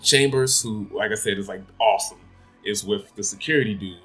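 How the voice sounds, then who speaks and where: Brief: male movie reviewer, low-ish voice, rambling and blunt, swears a lot, faint music underneath. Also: a little fast, a bit bright. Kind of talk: casual spoken film review.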